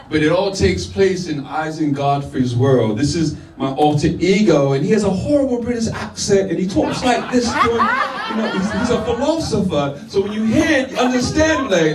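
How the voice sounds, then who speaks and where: A man's voice: fairly high pitch, background noise. A man performing spoken word poetry live, with punchy declamatory delivery and casual asides to the crowd. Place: live venue with audience. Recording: echoey room, voice from far off.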